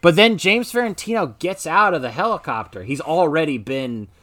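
Rambling animated man on a podcast. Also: fairly high pitch, moderate pace, no echo. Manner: rambling, animated, full of filler words. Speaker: podcast co-host. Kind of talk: casual chat.

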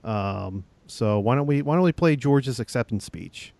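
A male podcast host running a loose comedy chat. He stumbles over his words and laughs along with his co-hosts. His voice sits at an ordinary pitch and sounds dry and close. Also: animated, moderate pace, creaky, a little mellow, no room sound. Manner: stammering, apologetic, laughs often.

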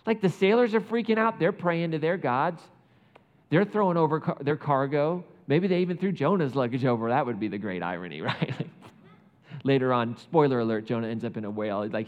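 Lively man preaching in a reverberant hall. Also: fairly high pitch, normal speed. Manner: conversational, animated, laughs often, says "like" a lot. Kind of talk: casual sermon. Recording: muffled sound with long hall reverb.

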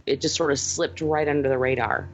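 A woman's voice: low voice, steady tone, brisk, highs cut off, slight background noise. Emotional woman gushing about movies. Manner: emotional, gushing, laughs easily. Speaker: podcast co-host. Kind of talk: casual movie review chat.

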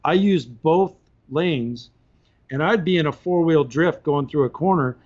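A man, a podcast guest, tells a long story in a relaxed, chatty way and chuckles now and then. His voice sits slightly high for a man. The recording is a bit muffled and lo-fi. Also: measured pace. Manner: animated, laughs between points. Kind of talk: casual anecdotal storytelling.

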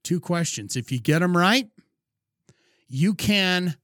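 A man's voice: expressive, slow pace, a bit bright, no room sound, clean studio sound. A man co-hosting a podcast in casual chat, emphatic and swearing freely. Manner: profane, emphatic, pushy pitch. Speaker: podcast co-host.

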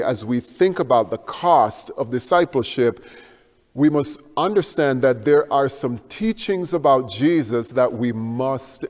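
Preaching man in a reverberant church. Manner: preaching with emphatic swells and hushed low stretches; rhetorical questions to the congregation. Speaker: pastor. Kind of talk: sermon. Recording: long hall reverb.

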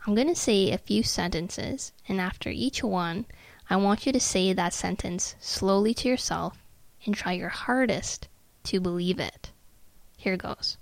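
A woman hosting a self-help podcast, speaking in a slow, measured and soothing way that sometimes sinks to a near-whisper. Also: mid-range voice, creaky, no room sound. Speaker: podcast host.

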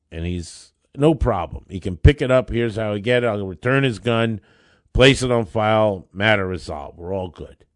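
A man hosting a podcast, a lawyer telling a story in a casual, animated way. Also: fairly low pitch, no echo, clean studio sound. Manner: animated, builds up excitement in anecdotes.

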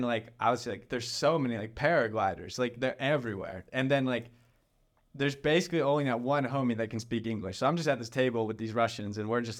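A young man rambles through a story in casual conversation. He leans on "like" constantly and acts out what people said as he retells it. His voice sits at an ordinary mid pitch. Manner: rambling, lots of "like", animated retelling. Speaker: storyteller guest. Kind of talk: casual chat.

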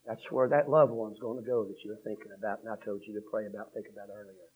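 A man preaching a revival sermon, swinging from hushed storytelling to shouted 'uh'-punctuated cadences. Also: lowish voice, quick pace, slightly rough. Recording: dull lo-fi sermon recording.

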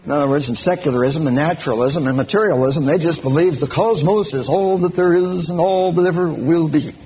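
A man preaching a sermon in an animated way, breaking into mocking high-pitched impressions. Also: fairly quick. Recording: slightly dull lo-fi recording with faint hiss.

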